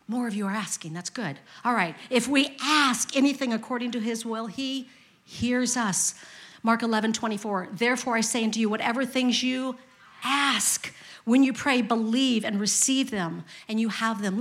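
A grandmotherly woman pastor in her fifties preaches a sermon in a fairly high voice. She leans on repetition and keeps asking her listeners direct questions. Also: a bit bright. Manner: emphatic repetition, speaks to the congregation.

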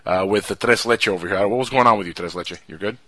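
A quick-talking man hosting a call-in show with a bright, forceful voice. He rolls out playful, hyped introductions and jokey asides. The sound is dry and close to the mic. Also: on the low side, dry recording. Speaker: host. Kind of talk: casual call-in show chat.

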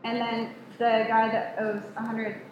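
A woman's voice: fairly high pitch, monotone, measured pace, muffled recording, background noise. A woman giving a casual sermon, talking easily and asking the group questions as she teaches. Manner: chatty, asks the room questions. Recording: echoey room with faint ambience.

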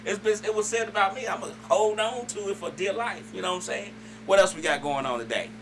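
A man's voice: sits high, fast talker, a bit bright, slight background noise, rough recording. A man co-hosting a casual radio chat, laid-back and teasing, still getting over a cold. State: lingering cold. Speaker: radio co-host.

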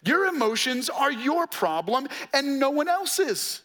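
A man's voice: very high voice, sing-song, fairly quick, hardly any pauses, a bit bright. A man preaching a sermon as pastor, conversational and coaching, with playful asides and rhetorical questions to the congregation.

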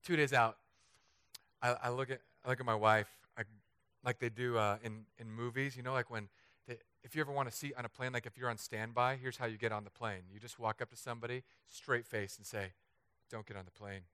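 A man from Southern California preaching a humorous storytelling sermon, animated and self-mocking, acting out the voices he quotes. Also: medium pitch, brisk, clear, resonant tone, dry recording. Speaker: pastor.

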